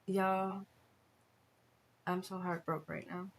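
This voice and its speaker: A woman's voice: on the low side, little pitch movement, slow pace, creaky, slight background noise. A woman vlogging casually to her viewers, dismayed and laughing through her frustration. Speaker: crafting vlogger.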